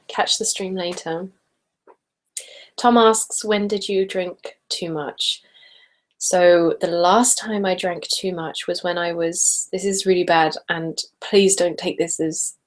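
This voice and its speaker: An ASMR channel host in her late 20s chats casually on a live stream, reading viewer comments. She has a lowish voice and is giggly and talkative, often laughing mid-sentence.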